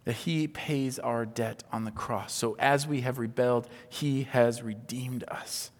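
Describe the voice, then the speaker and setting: A pastor preaching a sermon, his delivery swinging from hushed near-whispers to loud, emphatic exclamations. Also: medium pitch, fairly even intonation, a little slow, long reverb tail.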